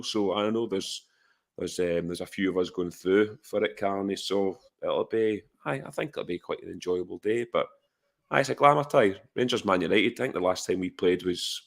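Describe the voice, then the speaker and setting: A man's voice: sits low, gravelly. A Scottish man co-hosting a podcast, chatting casually about football and rambling with plenty of fillers. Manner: rambling, lots of "aye" and "um" fillers. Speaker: podcast co-host.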